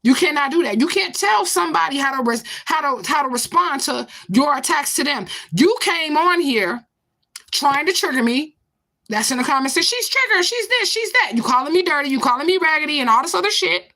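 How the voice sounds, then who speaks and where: A woman's voice: sits high, animated, brisk, bright, forceful tone. A woman in her forties in a confrontational, profane vlog rant, answering a commenter with repeated questions. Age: 40s. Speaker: vlogger. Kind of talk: ranting to camera.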